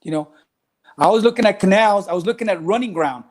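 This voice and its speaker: A man's voice: high voice, fast talker. A middle-aged man, a coach telling stories in a casual interview and acting out the voices of the people in them. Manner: animated, acts out quoted voices, mixes in Spanish phrases. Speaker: track and cross country coach.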